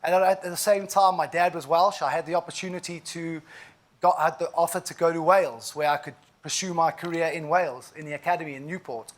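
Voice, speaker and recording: A man's voice: fairly high pitch, steady tone, a little fast. A man of about forty with a South African accent, giving an inspirational keynote and telling his story in a vivid, emphatic way with frequent asides. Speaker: keynote speaker.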